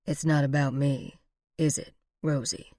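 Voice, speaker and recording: A woman voicing a male frontier sheriff who speaks low, controlled and measured. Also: steady tone, darkish tone, no echo, clean studio sound. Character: deep-voiced, controlled frontier sheriff man.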